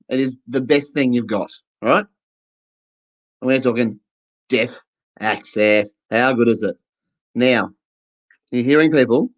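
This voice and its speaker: A man's voice: medium pitch, low-quality recording. A man doing a stand-up comedy set to camera, chatty and playful, acting out little scenes.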